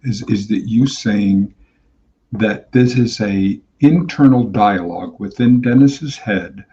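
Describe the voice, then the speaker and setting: A man co-hosting a casual live discussion, speaking haltingly and repeating words as he searches for them. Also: fairly low pitch, dark tone. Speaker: co-host. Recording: dull lo-fi sound.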